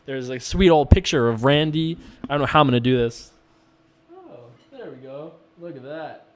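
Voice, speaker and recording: A man's voice: medium pitch, moderate pace. A man casually chatting and joking while he plays online poker, laughing often. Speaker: poker vlogger.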